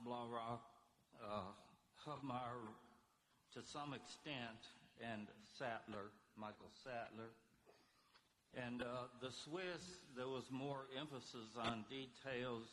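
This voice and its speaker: A man giving an unscripted history lecture, halting often with fillers. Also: mid-range voice, fairly even intonation, a bit bright, a little hiss or hum, rough recording. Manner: halting, many fillers and pauses.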